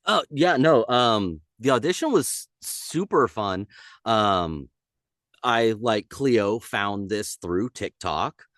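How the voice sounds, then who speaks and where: Animated male voice actor chatting. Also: on the low side, slow pace, no echo, clean studio sound. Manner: animated, slips into character voices mid-story. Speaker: voice actor guest. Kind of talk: casual podcast chat.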